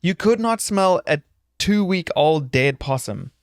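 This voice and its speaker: A man co-hosting a podcast, chatting in a relaxed, teasing way and often laughing through his stories. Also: fairly high pitch, a little slow, dry recording, clean studio sound. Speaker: podcast co-host. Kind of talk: casual chat.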